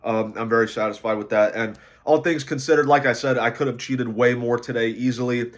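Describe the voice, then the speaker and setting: Tired man, low-energy vlog talk. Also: steady tone, a little fast. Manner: low-energy, rambling with many fillers. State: tired, sleep-deprived. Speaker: weight-loss vlogger. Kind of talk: casual diary vlog.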